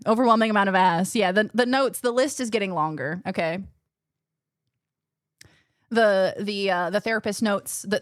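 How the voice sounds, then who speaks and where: A woman streamer chatting casually with her viewers, animated and rambling, often restarting her sentences. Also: medium pitch, no echo, clean studio sound. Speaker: gaming streamer.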